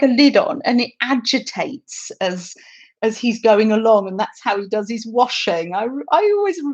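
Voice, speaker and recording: A woman's voice: on the high side, darkish tone, highs cut off. Giggly woman hosting craft livestream. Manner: chatty, giggly, restarts often. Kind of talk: casual craft demonstration to live chat.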